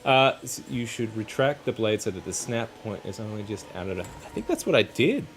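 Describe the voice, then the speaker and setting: A man's voice: lowish voice, sing-song, a little fast, a little hiss or hum. A man hosting a casual live stream while crafting, chatting in a rambling, self-correcting way. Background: faint background music.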